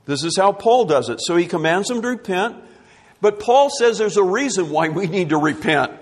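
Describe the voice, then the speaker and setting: High-voiced preacher in a reverberant hall. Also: male voice, expressive, moderate pace. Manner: emphatic, repeats key words. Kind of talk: sermon.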